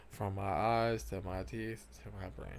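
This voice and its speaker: A man's voice: lowish voice, slight background noise. A young man who rambles and swears a lot, talking casually over gameplay footage and trailing off often. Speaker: gaming vlogger.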